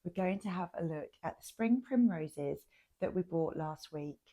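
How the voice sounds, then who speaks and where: Woman, vlog host, gentle chatty read with a lively, wide-ranging pitch. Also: normal speed. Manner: gentle, chatty, laughs easily. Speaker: lifestyle vlogger. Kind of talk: casual vlog chat and narration. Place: home and small-town outings.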